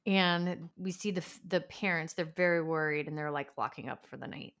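A woman co-hosting a casual movie podcast, animated and playful as she recaps a film. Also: sits low, a little fast. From not from the US. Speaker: podcast co-host. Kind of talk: casual movie review chat.

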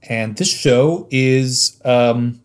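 A man co-hosting a podcast, musing aloud with frequent ums and uhs and quiet trailing asides. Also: very slow. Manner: musing, hesitant, many ums and uhs, drops to low asides. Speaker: podcast co-host. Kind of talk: casual podcast chat.

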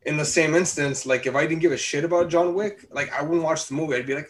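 Male podcast co-host, slightly high voice, profane and animated banter. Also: quick pace. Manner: animated, swears a lot, loose and chatty. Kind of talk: casual movie review chat.

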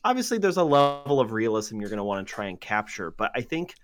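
Rambling, animated podcast co-host man. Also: fairly low pitch, fast. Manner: rambling, hedges with fillers. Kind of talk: casual chat.

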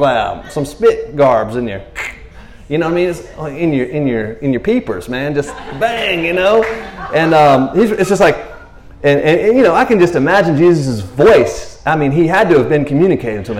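Chatty preacher man in an echoey room. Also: on the high side. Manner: rambling, chatty, keeps asking "you know what I mean". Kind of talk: casual sermon. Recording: roomy echo.

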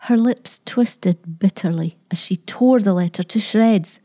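A woman narrating a story in a calm, measured way. Her voice is warm and mellow at a mid pitch. The reading stays steady. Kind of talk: scripted narration.

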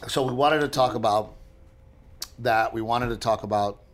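A man's voice: medium pitch, normal speed. A man in his thirties co-hosting a casual chat, telling stories with lots of acted-out voices. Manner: animated storyteller, acting out voices. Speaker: podcast co-host.

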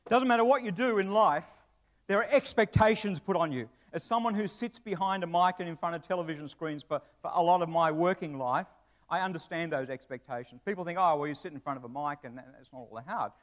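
A man's voice: fairly high pitch, quick pace. A man preaching a sermon to his church in a conversational way, with asides and humor. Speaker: pastor; broadcast presenter.

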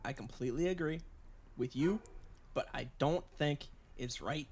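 A man voicing a calm boyfriend with a Boston accent who tries to settle a custody fight. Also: a little high, moderate pace, slight background noise, natural voice. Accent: Boston (attempted). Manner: calm, soothing.

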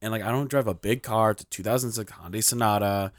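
A young man co-hosting a podcast, telling a story in casual chat, animated and full of "like", acting out what people said. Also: on the low side, quick pace, no room sound, clean studio sound. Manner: animated, acts out quoted lines, heavy use of "like". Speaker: podcast co-host.

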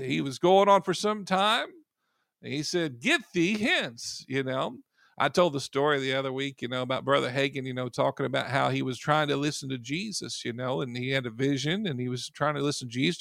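A man's voice: on the high side, gravelly, pushed and bright, dry recording, studio quality. A man preaching an informal sermon in a conversational way, full of "you know" asides and sudden emphatic rises.

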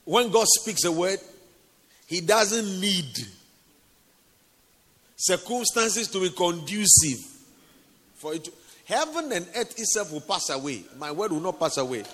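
A man's voice: high voice, sing-song, unhurried, pauses often, fairly bright tone. A male preacher giving a sermon with a personal testimony, speaking intimately to listeners as honey and sweetheart. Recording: reverberant hall.

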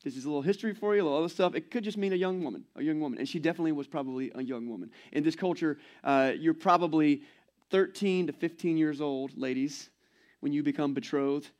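A man's voice: a little high, fast talker, a little mellow. A man in his forties preaching a sermon as pastor, in a conversational, playful way and acting out quoted voices.

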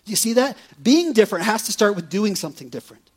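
A man gives a sermon in a relaxed, talky way, tossing in quick asides to his listeners. His voice sits high for a man and has a husky edge to it. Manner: conversational, animated preaching with frequent "right?" asides. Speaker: pastor.

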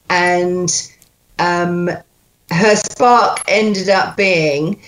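A woman's voice: lowish voice, steady tone, extremely slow. A woman working as a dialect coach over a video call. She patiently drills lines sound by sound. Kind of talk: accent coaching session.

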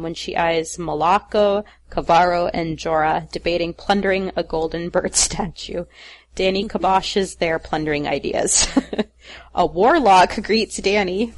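Give me a woman with a low, creaky voice, casually recapping an episode for a podcast. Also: dry recording. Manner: laughs often while talking. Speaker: podcast host.

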